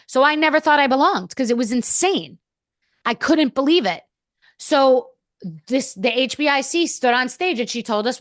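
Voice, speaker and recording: A woman's voice: high voice, lively intonation, normal speed, no echo, studio quality. Blunt, profane woman telling a story. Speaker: podcast guest. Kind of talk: candid storytelling chat.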